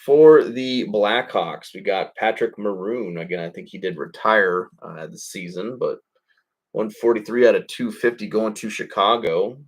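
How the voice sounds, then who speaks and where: A man with a somewhat low voice hosts a live card break. He calls out each pull in a loose, rambling way, with a stray curse and a quick chuckle here and there. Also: husky. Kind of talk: live card-opening commentary.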